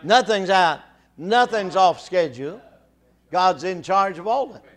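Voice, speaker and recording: An older man with a drawl preaches from the pulpit, his voice sitting a little high for a man. He stumbles over repeated words and small fillers, then builds into fervent, rousing calls to his listeners. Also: animated, fairly bright tone. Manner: halting restarts, rising to fervent exhortation. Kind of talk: sermon.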